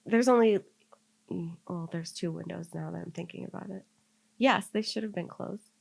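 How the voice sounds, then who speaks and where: A woman's voice: on the low side, normal speed, creaky, breathy edge. A young woman on a podcast, telling a story in casual chat and rambling with constant filler words. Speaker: podcast co-host.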